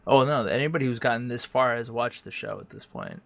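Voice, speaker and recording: A man's voice: medium pitch, wildly swooping pitch, brisk, creaky, a bit bright, no echo. A young man co-hosting a podcast, chatting casually, joking and swearing freely. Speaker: podcast co-host. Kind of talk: casual chat.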